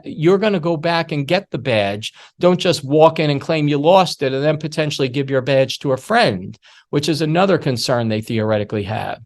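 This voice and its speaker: A middle-aged man giving a workshop masterclass on security awareness, telling stories in a lively way and acting out the voices he quotes. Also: fairly high pitch.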